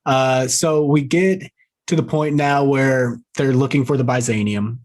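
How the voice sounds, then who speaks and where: A man in casual conversation, recapping a movie plot with a mocking, loose delivery. He laughs often and drops crude jokes as he goes. His voice sits at an ordinary middle pitch. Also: fairly even intonation, a little slow, a little mellow. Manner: laughing, mocking, profane asides. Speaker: podcast co-host. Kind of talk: casual movie-review chat.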